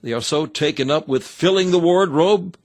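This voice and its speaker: A man's voice: on the high side, normal speed. A man reading a sermon aloud in an earnest, exhorting manner with old-fashioned scriptural phrasing. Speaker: reader of a sermon.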